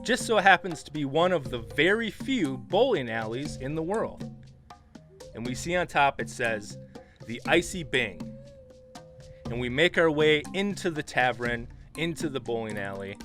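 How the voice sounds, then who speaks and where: Bright-voiced man narrating as dungeon master. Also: fairly high pitch, normal speed, faint music behind. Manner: lively, casual narration with fillers. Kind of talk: narrating a tabletop game.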